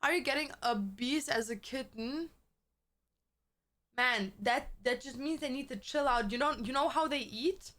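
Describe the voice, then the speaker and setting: A woman's voice: sits high, unhurried, a bit bright. A woman from Germany, chatting casually with her viewers as a streamer, rambling and swearing freely.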